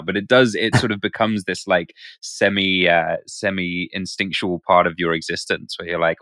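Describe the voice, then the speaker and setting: Low-voiced guy cohosting a chat show, acts out little bits of stories. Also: steady tone, moderate pace, hardly any pauses, bright, forceful tone, no room sound, studio quality. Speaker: podcast co-host, actor. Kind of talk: casual podcast chat.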